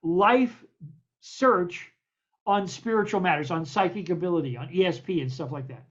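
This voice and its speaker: A man's voice: high-pitched, normal speed. An older American man tells his stories with animation and acts out each voice in them. He stumbles and repeats himself as he goes. The recording is dull and lo-fi. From United States. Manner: stammers and repeats words. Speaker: guest poet. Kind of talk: anecdotal storytelling in an interview.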